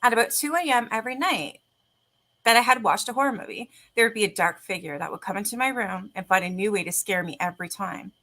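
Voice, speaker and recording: Bright, laughing woman host. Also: medium pitch. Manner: laughing, rambling storyteller. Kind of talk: casual chat and reading ghost stories.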